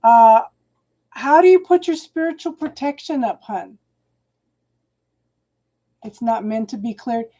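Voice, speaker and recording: A woman's voice: on the high side, lively intonation, warm tone. A woman giving a live-streamed tarot reading to her viewers. She halts and repeats phrases and calls people hun. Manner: halting and repetitive, restarting phrases and calling viewers hun. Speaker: tarot reader.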